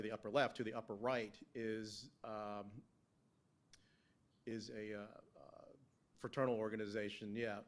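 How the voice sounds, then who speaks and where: A man on the town staff presenting slides at a council work session, halting, with many fillers and restarts. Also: fairly low pitch. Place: council meeting room.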